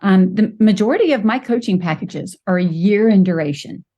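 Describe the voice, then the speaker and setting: A woman's voice: medium pitch, expressive, normal speed, lo-fi sound. A woman hosting a podcast interview, talking openly and asking her guest questions. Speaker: podcast host.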